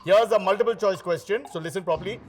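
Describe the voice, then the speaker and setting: A man's voice: sits high, fast talker, soft background music. A man hosting a quiz show, teasing the teams with joking asides between questions. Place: TV studio.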